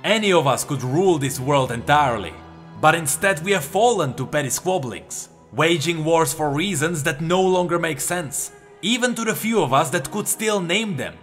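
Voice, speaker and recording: A man's voice: a little high, animated, moderate pace, fairly bright tone, faint music behind. A man voicing a proud male god who lectures his fellow gods in a hectoring, impassioned tone in a storybook reading.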